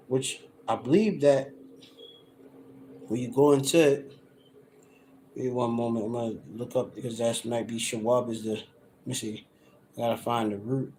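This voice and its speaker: A man in a casual scripture study, loose and conversational, reading verses slowly and sounding out words to define them, recorded on a handheld phone. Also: mid-range voice, darkish tone, a little hiss or hum, low-quality recording. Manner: loose and conversational, heavy on "you know" and "all right". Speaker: Bible teacher. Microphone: handheld phone camera, no tripod.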